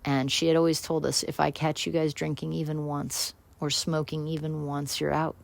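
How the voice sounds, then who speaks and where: A woman's voice: deep voice, flat delivery, moderate pace, gravelly. A woman hosting a radio show, telling a personal story in a rambling, candid, self-deprecating way with many restarts.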